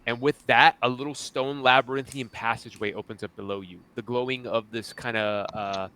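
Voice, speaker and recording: A man's voice: medium pitch, steady tone, a little fast, bright, forceful tone, clear, resonant tone. A man narrating as game master in a tabletop fantasy game, speaking casually and loosely with fillers like "kinda" and "like.".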